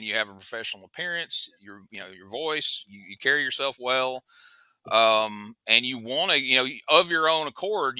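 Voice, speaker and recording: Southern male podcast host, very bright, smooth voice, rambly chat, dry sound. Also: mid-range voice, no room sound, rough recording. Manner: chatty, rambling with many fillers and restarts.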